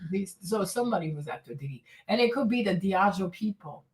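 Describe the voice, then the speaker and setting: A woman's voice: mid-range voice, animated, brisk, distant mic. A woman hosting a commentary stream, talking bluntly and scolding with repeated rhetorical questions. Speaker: commentary host. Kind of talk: casual commentary.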